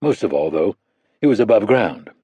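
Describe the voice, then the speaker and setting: A man reading a thriller audiobook aloud in a measured, steady narration. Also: fairly low pitch, breathy edge, no echo. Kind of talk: scripted narration.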